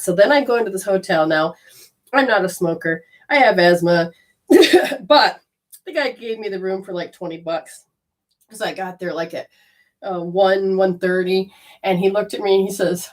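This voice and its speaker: A woman's voice: medium pitch, animated, normal speed, recorded from a distance. A woman telling a personal story in a talk, acting out the quoted dialogue in a chatty way. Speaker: spiritual healer giving a talk.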